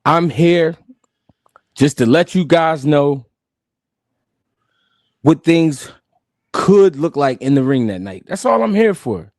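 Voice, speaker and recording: Male stream host, high voice, cracks up often, dry close sound. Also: slow pace, pauses often, no room sound. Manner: animated, laughing, profane banter. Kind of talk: live-stream boxing commentary.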